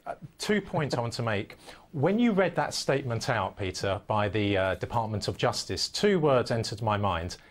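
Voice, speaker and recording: Emphatic man with a lively voice. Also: mid-range voice. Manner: emphatic, deliberate. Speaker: panel guest. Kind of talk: debate commentary.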